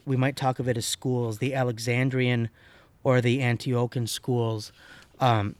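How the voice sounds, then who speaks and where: A man who teaches and once led a parish, explaining church history in a relaxed, chatty way with many fillers and restarts. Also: medium pitch, no room sound. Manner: conversational, lively, with fillers and self-corrections. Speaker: podcast co-host, pastor and teacher. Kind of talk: casual theological discussion.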